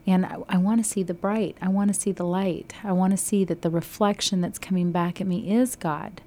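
A woman's voice: lowish voice, steady tone, fairly quick, mellow. A woman from Texas co-hosting a Christian radio show, talking earnestly through scripture with frequent restarts. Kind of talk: devotional radio talk.

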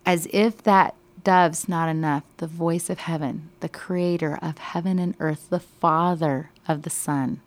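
A woman leading a casual Bible study, directing readings and asking questions, and growing animated and emphatic when moved. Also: sits low, unhurried, few pauses.

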